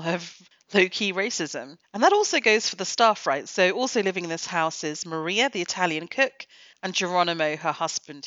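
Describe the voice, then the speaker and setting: A woman's voice: fairly low pitch, sharp tone, no echo, dull audio. A woman hosting a book review podcast, talking in a wry, critical, conversational way. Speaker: podcast host.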